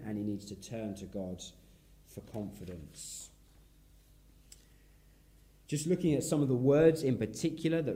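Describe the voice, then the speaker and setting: A man preaching an expository sermon in a reflective way, his voice sinking softly at the ends of phrases. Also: medium pitch. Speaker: pastor.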